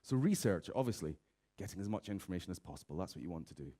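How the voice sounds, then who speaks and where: Lively man giving a comic keynote. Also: deep voice, fast talker. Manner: lively, mimics office characters in raised voices. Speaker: conference speaker. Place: conference stage.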